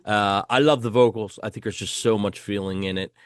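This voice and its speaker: A man's voice: on the low side, steady tone, a little fast, smooth, no room sound. A man hosting a casual album review chat, enthusiastic and swearing casually as he hands rankings to his co-host. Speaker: podcast host.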